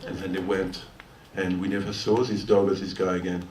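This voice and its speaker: An older guitarist from France uses the break between songs for a long, rambling anecdote, delivered chattily in a French accent with frequent laughter. His deep voice is flat, a little fast, and a little mellow. Recorded from far off in a roomy listening hall with a live audience, the audio has faint noise.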